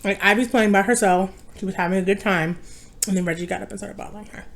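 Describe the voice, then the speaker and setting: A woman's voice: medium pitch, steady tone, quick pace, vocal fry. A young woman in casual chat while eating, tired and rambling, often correcting herself. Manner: rambling, easily distracted, self-correcting. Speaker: mukbang vlogger. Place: home.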